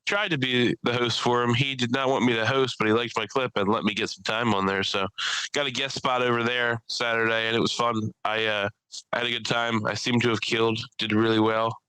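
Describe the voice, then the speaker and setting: A man's voice: mid-range voice, level tone, fairly quick, smooth, dry recording, rough recording. A young man, hosting a podcast and rambling through comedy stories, swearing freely. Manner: rambling storyteller, swears a lot, acts out people in loud bursts. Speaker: podcast host and stand-up comedian. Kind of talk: casual chat.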